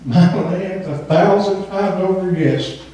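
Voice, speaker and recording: A preacher from Southern Indiana, with a high, warm voice, takes his time delivering a fervent sermon in a church sanctuary. He's emphatic, says "amen" often, and sometimes sings a phrase. The recording is echoey, captured from far off in the church hall.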